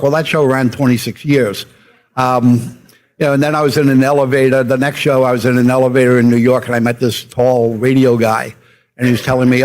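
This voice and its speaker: A man's voice: medium pitch, fairly even intonation, a little fast, a little mellow. An older man, a media entrepreneur, telling anecdotes in a fireside chat and acting out the people he quotes. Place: stage before a live audience.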